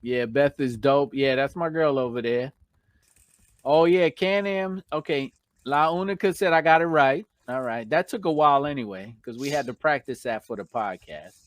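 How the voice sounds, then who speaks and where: A man's voice: medium pitch, normal speed, no echo. A man with a New York accent hosting a casual live stream, chatting and reading out viewer comments.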